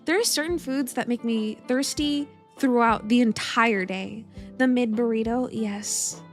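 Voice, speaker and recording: A woman's voice: on the high side, a little slow, soft background music. A young woman streaming from home, chatting casually and a little rambling, giggling as she greets her chat by name.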